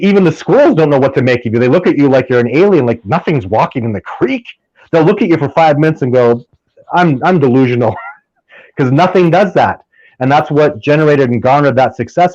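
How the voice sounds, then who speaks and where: A man's voice: mid-range voice, no echo. Emphatic man, dull dry lo-fi sound. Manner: animated, emphatic storytelling with many restarts. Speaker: podcast guest, field researcher. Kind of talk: casual interview chat.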